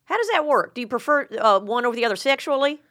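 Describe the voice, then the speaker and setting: A woman's voice: fairly high pitch, expressive, fast, fairly bright tone, no room sound, studio quality. Chatty, teasing woman with a Southern accent. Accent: Southern American. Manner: chatty, teasing, laughs often. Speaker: host. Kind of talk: casual interview chat.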